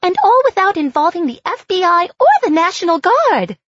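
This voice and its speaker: A woman's voice: big pitch swings, normal speed, fairly bright tone, dry recording, full character voice. A woman voicing an exuberant, proud female angel who gushes with delight in an audiobook. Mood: elated. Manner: gushing, high-pitched delight. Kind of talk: audiobook character voice. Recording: dull dry studio read.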